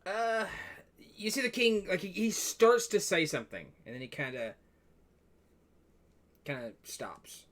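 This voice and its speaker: A man's voice: high voice, big pitch swings, unhurried, a bit bright. A man narrating as game master in a tabletop game, talking casually with many restarts.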